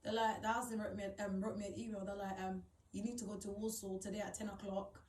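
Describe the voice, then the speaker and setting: A woman's voice: medium pitch, fast, far from the mic. A young woman telling a painful personal story to camera, acting out what others said, close to tears. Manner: animated, acts out quoted people, many fillers. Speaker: vlogger. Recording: echoey room, voice off-mic.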